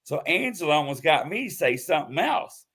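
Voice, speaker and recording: A man hosting a live show in casual chat, telling a story with loud acted-out quotes. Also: a little high, fairly quick, slightly rough. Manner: animated storytelling, acts out quotes loudly. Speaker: host.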